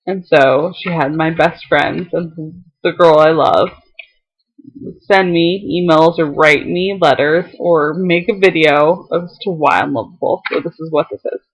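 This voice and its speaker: A woman's voice: low voice, measured pace, slightly rough, muffled recording. A young woman on a casual vlog, reading a heartfelt letter aloud to her viewers, tearful and fighting back tears, laughing now and then between lines.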